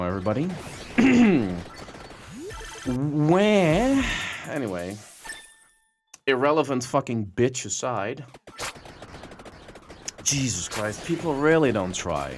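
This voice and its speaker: A young man on a live stream, trading profane taunts with a troll in a lively voice that swings up and down as he mocks. A faint hum of background noise sits behind him. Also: mid-range voice, unhurried.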